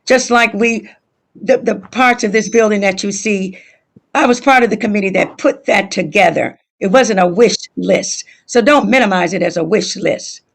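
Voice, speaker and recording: A man's voice: high-pitched, moderate pace, vocal fry, fairly bright tone. A male school board trustee argues his case at a public meeting. He talks insistently, repeats himself and cuts in on others. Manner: insistent, interrupts, repeats points. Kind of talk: heated board meeting debate.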